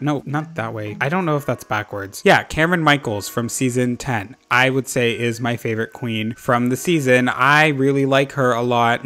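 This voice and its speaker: A man's voice: medium pitch, fairly bright tone. A man casually chatting while playing and decorating in a video game, rambling, swearing freely and joking at his own expense. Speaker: gaming channel host. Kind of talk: casual gameplay chat.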